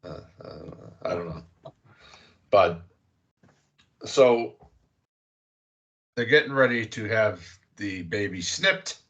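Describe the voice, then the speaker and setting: A man's voice: fairly low pitch, lively intonation, slow, pauses often, a bit bright, dull audio. A man hosting a podcast, casually recapping a film with loose, rambling talk and the odd curse. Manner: rambling recap with fillers and profanity. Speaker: podcast host. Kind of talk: casual movie recap chat.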